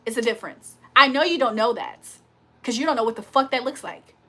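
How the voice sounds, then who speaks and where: A woman's voice: fairly high pitch, fairly quick, sharp tone. A woman hosting a casual livestream, talking bluntly and confrontationally with plenty of profanity. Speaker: livestream host.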